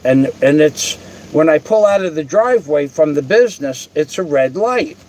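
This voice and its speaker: A man's voice: fairly high pitch, lively intonation, normal speed, darkish tone, slight background noise. Blunt, cursing older man telling a story. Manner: blunt, profane, rambling with restarts. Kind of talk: casual storytelling.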